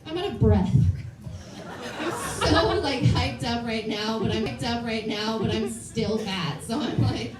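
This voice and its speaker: A woman in her late twenties with a fairly high voice performs stand-up, blunt and confessional, poking fun at herself. She is picked up from a distance in a roomy, echoing club, with clear room noise around her. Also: unhurried, hardly any pauses, a loud crowd. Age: late 20s. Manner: self-deprecating, confessional, blunt. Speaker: stand-up comedian. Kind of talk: stand-up comedy set. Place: comedy club stage with live audience.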